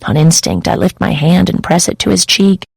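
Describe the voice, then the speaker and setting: Woman, audiobook narrator, first-person romance, intimate, emotive, gravelly, dry studio. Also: on the low side, expressive, normal speed, a little mellow, no echo, low-quality recording.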